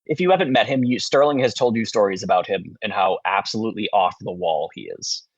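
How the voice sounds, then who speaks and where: A man narrating as game master of a tabletop game, lively and playful. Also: lowish voice, brisk, no room sound.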